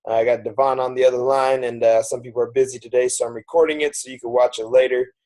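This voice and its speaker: A man's voice: medium pitch, level tone, quick pace, dark tone. A man hosting a training video call in a casual way, with a lot of fillers. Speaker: host of a team training call.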